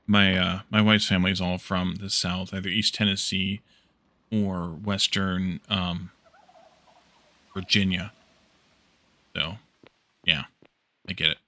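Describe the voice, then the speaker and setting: A low-voiced man speaks slowly, with long pauses, on a casual building-game stream. Easygoing, he voices his thinking as he crafts and answers viewers' chat messages.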